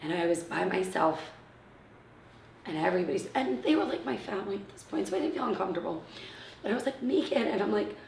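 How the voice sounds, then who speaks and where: A woman in her thirties telling an emotional personal story in an interview, acting out what others said and often dropping to a hushed near-whisper. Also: mid-range voice, animated, fast, gravelly, a little hiss or hum. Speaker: interviewee, mother of premature twins. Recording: roomy, from a distance.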